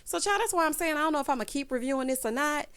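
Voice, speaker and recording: A woman giving a sassy, animated recap of a reality TV episode, full of slang and asides to her viewers. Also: sits high, racing. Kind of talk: casual recap commentary.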